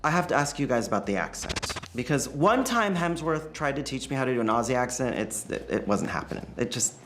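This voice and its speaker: A woman interviewing film actors, bubbly and excited, her pitch bouncing as she tumbles into restarts. A faint room hum sits behind her. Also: brisk. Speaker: entertainment interviewer. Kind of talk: press junket interview.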